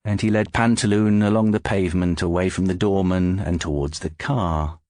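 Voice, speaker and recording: A man narrating an audiobook in scripted, expressive storytelling, close to the mic. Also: sits low, moderate pace, dry recording.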